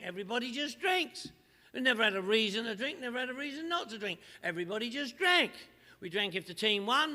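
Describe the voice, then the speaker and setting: A middle-aged man with a London accent, from northwest London, speaks at an AA meeting in a hall, turning his recovery story into comedy through repetition. The voice is very high-pitched, bright and forceful, and the recording carries echoey hall reverb.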